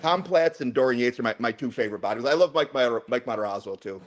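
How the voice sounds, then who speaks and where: Middle-aged male guest, mid-pitched, earnest and reminiscing in easy chat. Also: animated, fast. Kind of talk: casual podcast chat.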